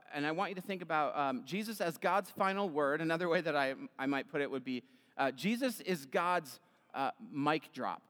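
A pastor's Easter sermon echoes through a church sanctuary with long hall reverb. He is a man with a medium-pitched, fairly bright voice, retelling scripture in a relaxed, conversational manner full of fillers.

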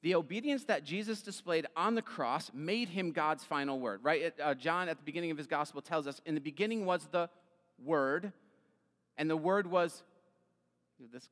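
A man's voice: fairly high pitch, normal speed, fairly bright tone. A man preaching an Easter sermon as pastor, retelling scripture in a casual, conversational way with fillers. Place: church sanctuary. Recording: long hall reverb.

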